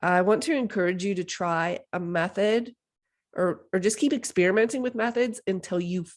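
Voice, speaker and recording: A woman's voice: mid-range voice, normal speed. A woman in her thirties hosting a solo podcast, chatty and enthusiastic, with lots of "like" and "you know". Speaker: podcast host. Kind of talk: casual solo podcast talk.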